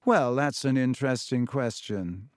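A man voicing a sinister young man who speaks quietly, calmly and with smug menace. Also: mid-range voice, unhurried, no echo, studio quality, close to an everyday voice. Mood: mocking. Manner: quiet, calm, smoothly menacing.

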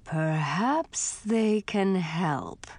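A stern ghostly old king speaks in a storybook with slow, solemn, menacing weight. A woman reader puts him on, dropping a little lower and slowing right down. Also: animated, dry recording.

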